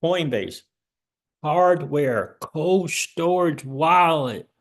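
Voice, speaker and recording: A high-voiced man rants to his vlog audience, his pitch swinging wildly from line to line. He fires the same questions again and again and laughs between them. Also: animated, extremely slow. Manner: exclamatory, repeats questions, laughs between lines. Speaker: crypto channel host. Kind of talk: excitable vlog rant.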